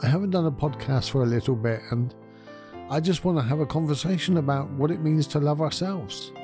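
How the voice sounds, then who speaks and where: A man hosting his own podcast, talking in a gentle, candid way and thinking aloud. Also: on the high side, fairly quick, over loud music. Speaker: podcast host. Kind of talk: reflective solo podcast talk.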